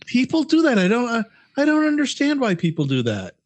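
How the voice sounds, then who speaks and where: A man who is a regular on a podcast, talking in casual comedic chat in a halting, stammering, self-deprecating way. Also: very high-pitched, huge pitch swings, no room sound.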